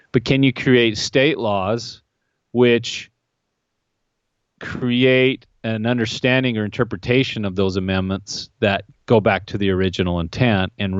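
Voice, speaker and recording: A man with a low voice hosts a political podcast discussion. He is opinionated and wry, and he presses his guest with pointed questions. The sound is dry and a little dull. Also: no room sound. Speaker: podcast host.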